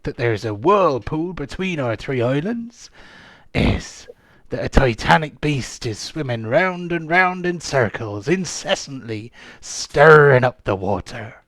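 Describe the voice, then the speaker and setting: A man's voice: mid-range voice, a bit bright, dry recording, full character voice. A man, the game master, voicing a kneeless old male pirate sea dog who philosophises in a growling pirate voice. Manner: growling pirate voice with "arr" and "there be".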